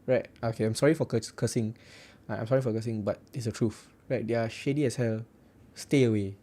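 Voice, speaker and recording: This young forex trading livestream host speaks Singaporean-accented English in a mellow, dark, middle-pitched voice, fairly quick with fairly even intonation. He chats casually through viewer comments, blunt and joking, saying "right" again and again.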